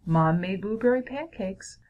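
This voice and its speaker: A woman voicing a brisk, teasing older sister in a read-aloud story, pitched higher than her own voice. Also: expressive, a little mellow, lo-fi sound. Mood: bossy.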